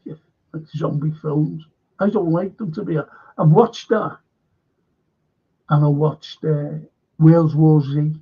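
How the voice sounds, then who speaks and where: Gravelly sweary man. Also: fairly high pitch, fairly even intonation, slow, pauses often. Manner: blunt, rambling, swears often. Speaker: show host. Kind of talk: casual live-stream chat. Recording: dull lo-fi stream audio.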